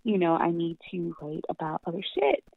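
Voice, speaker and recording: Woman interview guest, gravelly and animated, salty language, thin phone-line sound. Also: on the low side, moderate pace, no echo. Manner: animated, swears freely, laughs often. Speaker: comic book writer, guest. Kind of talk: casual interview chat.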